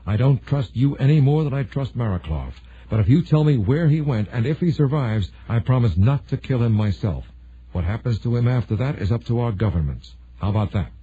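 A man's voice: medium pitch, lively intonation, brisk, dark tone, slight background noise, natural voice. A man playing a blunt, determined Air Force colonel. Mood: firm. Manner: firm, blunt, decisive. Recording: narrow phone-like sound.

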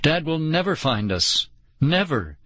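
Guy putting on a panicky young girl's voice for a storybook, shrill and high, dry close sound. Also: huge pitch swings, moderate pace, sharp tone, breathy edge, no room sound, full character voice. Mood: panicked. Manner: shrieking, wailing in panic.

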